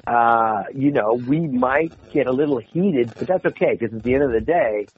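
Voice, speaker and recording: A man's voice: mid-range voice, moderate pace. A man who is a voice actor, chatting casually on a podcast with many restarts and frequent laughs. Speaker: voice actor guest. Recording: slightly dull audio with faint noise.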